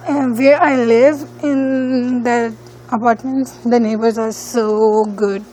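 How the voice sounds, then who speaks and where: A woman's voice: on the high side, steady tone, takes it slowly, dark tone, a little hiss or hum, rough recording. A female student speaking English as a second language, talking hesitantly with many fillers while walking outdoors around her neighborhood and filming on a phone. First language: not English. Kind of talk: casual walking-tour vlog.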